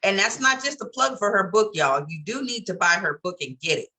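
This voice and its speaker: A woman's voice: medium pitch, lively intonation, fairly quick, pushed and bright. A woman co-hosting a casual chat, telling her story candidly and laughing often. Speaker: co-host.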